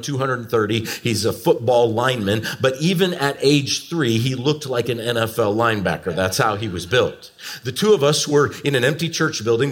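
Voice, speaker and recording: A man in his forties preaching a sermon, telling family stories with animated, swooping emphasis. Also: medium pitch. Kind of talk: storytelling sermon.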